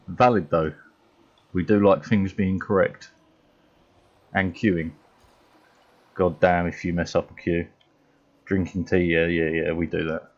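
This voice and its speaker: A man's voice: low-pitched, fairly even intonation, a little slow, pauses often, dull audio. An English man streaming a video game, chatting casually with viewers in a rambling way with mild swearing. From England. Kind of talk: casual chat while gaming.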